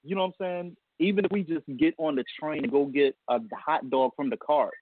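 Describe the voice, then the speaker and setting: A man's voice: fairly high pitch, a little fast, slightly rough, no echo. A man guest on a casual radio interview, telling a heartfelt story about being a father and laughing often. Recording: tinny phone line, dry.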